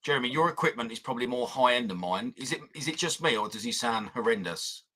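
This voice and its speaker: A man's voice: mid-range voice, animated, fast talker, sharp tone. A man co-hosting a casual live stream, trading teasing banter. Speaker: co-host.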